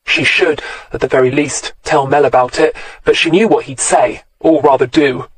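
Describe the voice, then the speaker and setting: Casting: male audiobook narrator, steady and measured, slightly high voice, dry close mic. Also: husky, no room sound, rough recording. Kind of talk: scripted crime novel narration.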